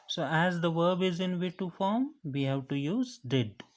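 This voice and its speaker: A man's voice: fairly high pitch, lively intonation, measured pace. A man teaching a grammar lesson, explaining each step patiently and repeating the key phrases. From India.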